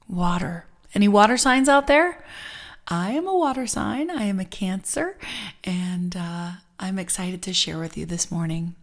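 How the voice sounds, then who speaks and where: Slow heartfelt woman giving a spiritual talk. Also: mid-range voice. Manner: heartfelt, emphatic, repeats phrases for the audience to join. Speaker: guest speaker and singer. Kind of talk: spiritual talk with sung affirmations.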